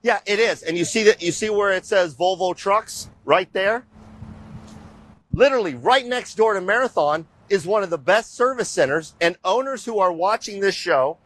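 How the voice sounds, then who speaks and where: A man's voice: high voice, moderate pace, poor audio. A middle-aged man hosting a show, talking casually and with energy to viewers as he walks them around. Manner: animated and rambling, often addressing viewers as "you guys". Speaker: show host. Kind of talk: casual walking-tour talk to viewers.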